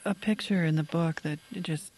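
A woman's voice: deep voice, normal speed, a little mellow, a little hiss or hum. A woman hosting a radio interview, asking reflective, engaged questions.

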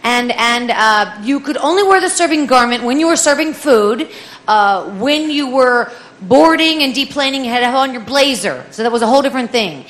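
High, bright-voiced woman telling a comic story. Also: moderate pace. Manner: lively, animated, acts out voices of others. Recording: echoey room with faint ambience.

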